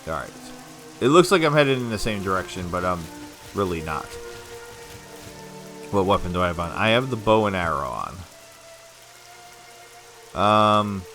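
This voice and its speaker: A man with a somewhat low voice rambles through casual let's-play commentary, talking to himself and laughing often. Faint game music plays underneath. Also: expressive, slow pace, long pauses, pushed and bright. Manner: chatty, rambling self-talk with frequent laughs. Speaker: gameplay commentator.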